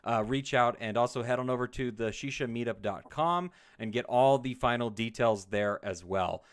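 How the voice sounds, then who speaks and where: A man's voice: mid-range voice, moderate pace, smooth. A man hosting a casual roundtable podcast, upbeat and joking as he moderates the panel. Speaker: podcast host.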